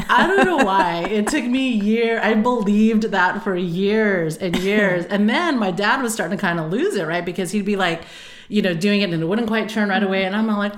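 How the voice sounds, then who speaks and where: Casting: woman podcast co-host, lively storyteller, laughs often, squeaky quoted voices. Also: normal speed, hardly any pauses, slight background noise. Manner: animated, laughing, acts out quotes in high squeals. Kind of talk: casual storytelling chat.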